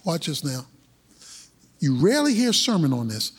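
A man preaching a sermon, impassioned and rhythmic, building into shouted passages. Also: fairly high pitch, big pitch swings, normal speed, breathy edge.

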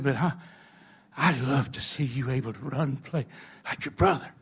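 An older man preaching a sermon, telling emotional stories that swing between loud, stretched words and hushed, quiet passages. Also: a little high, lively intonation, a little fast, vocal fry, slightly rough.

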